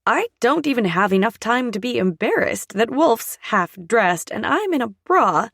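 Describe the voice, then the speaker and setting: Woman reading a romance audiobook, slow and breathy, lots of vocal fry, dry close mic. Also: on the high side, big pitch swings, dry recording. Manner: soft, breathy, often half-whispered. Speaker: audiobook narrator. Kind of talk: first-person romance audiobook narration.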